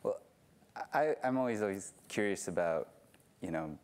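A man's voice: low voice, lively intonation, moderate pace, a little mellow. A man interviewing a guest on stage, with easygoing, hesitant questions and short prompts. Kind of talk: onstage interview.

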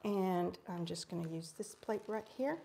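Bubbly gravelly-voiced woman crafter. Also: fairly low pitch, moderate pace, mellow. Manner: bubbly, gasping, talks to viewers as friends. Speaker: craft live-stream host. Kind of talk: casual live craft demo chat.

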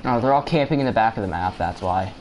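A man's voice: lowish voice, expressive, fast talker. A young man chatting loosely and joking with teammates as he streams a shooter game live. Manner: loose, joking, talks to teammates while playing. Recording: clear background game noise.

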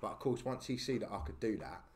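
A man's voice: fairly low pitch, expressive, fast talker, a little mellow, a little hiss or hum. A man with a London accent telling a story as a podcast guest, in slangy casual talk that keeps checking in with "yeah?". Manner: slangy, tags lines with "yeah?".

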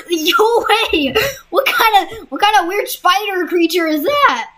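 A young woman casually commenting on a game she is playing, laughing and reacting out loud. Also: very high-pitched, expressive, a little slow. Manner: giggly, exclamatory, reacting out loud. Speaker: gamer.

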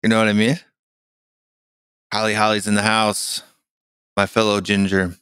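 A man's voice: on the low side, flat delivery, moderate pace, fairly bright tone, clean tone, no room sound, studio quality. A young adult man co-hosting a podcast in casual chat, talking in an exasperated, rambling way with lots of fillers. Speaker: podcast co-host.

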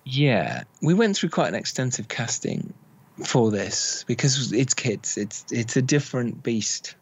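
Guesting on a podcast, a male film director tells animated stories, performing the quoted lines himself. His mid-range voice is unhurried with a breathy edge, in a dry recording.

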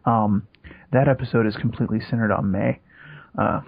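A man's voice: lowish voice, fairly even intonation, normal speed, creaky, slightly rough. A man co-hosting a podcast in casual chat, laid-back and swearing casually. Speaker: podcast co-host. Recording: dull lo-fi podcast audio.

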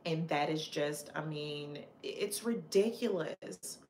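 A woman's voice: sits low, slow pace, a little mellow, roomy sound, slight background noise. A woman hosting a casual live chat with her viewers, passionate and opinionated, chatty with frequent fillers and restarts. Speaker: livestream host chatting with viewers.

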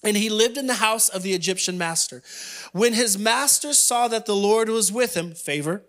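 A man preaching a sermon, telling a story in an animated way with playful asides to the congregation. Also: high voice. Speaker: pastor.

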